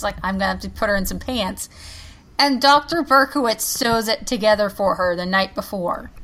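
A woman with a bright, forward voice co-hosts a casual podcast. She explains the plot and characters of a series in an earnest, chatty way. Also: medium pitch, low-quality recording. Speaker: podcast co-host. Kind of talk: casual chat reviewing a TV series.

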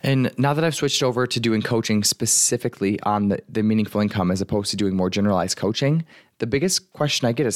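A man's voice: fairly low pitch, fast, dry recording, studio quality. A young man, a life coach, talking casually and rambling with lots of fillers from his apartment. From United States. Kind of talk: casual solo talk.

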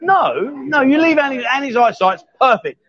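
Male host, cheeky teasing banter, higher voice, dull lo-fi stream sound. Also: lively intonation, normal speed, fairly bright tone. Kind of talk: live-stream bar chat. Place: bar.

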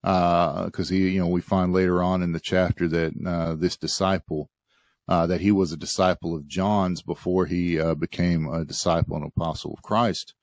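A man hosting a Bible study podcast, talking thoughtfully with frequent pauses and fillers. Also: deep voice, level tone, dry recording, clean studio sound. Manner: thoughtful, hesitant, many fillers. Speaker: podcast host.

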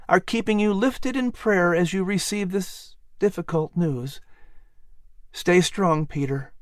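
A man's voice: high-pitched, no room sound, clean studio sound, pitched above the performer's own voice. A man voicing an old apostle reading a solemn, grieving letter aloud. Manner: solemn, earnest.

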